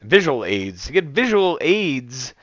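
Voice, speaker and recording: A man's voice: medium pitch, sing-song, a little slow, a bit bright, no room sound, muffled recording. A man from the United States hosting a reaction video, chatting casually and amused, with rambling fillers. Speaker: reaction channel host.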